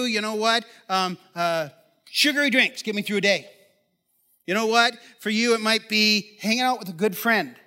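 A male pastor delivers a sermon in a loose, conversational manner, often restarting sentences and poking fun at himself. His voice sits high and sounds bright and forceful. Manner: conversational, self-deprecating humor, repeats words when starting sentences.

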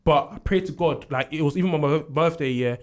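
A young man tells a story at a quick clip, and his voice sits a touch higher than most men's. He is animated, jumps into the voices of the people in his tale and laughs through the telling. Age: young adult. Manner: animated storyteller who acts out quotes and laughs often. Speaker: university student. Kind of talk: casual storytelling chat.

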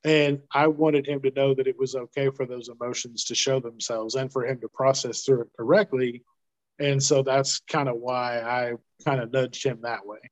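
A man in casual conversation on a podcast, talking in a relaxed, folksy, fatherly way. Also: medium pitch, moderate pace. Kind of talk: casual chat. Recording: dull lo-fi sound.

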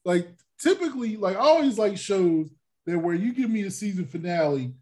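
A man hosting a casual podcast chat, animated, acting out his reactions with loud exclamations. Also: high-pitched, a little fast. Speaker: podcast host.

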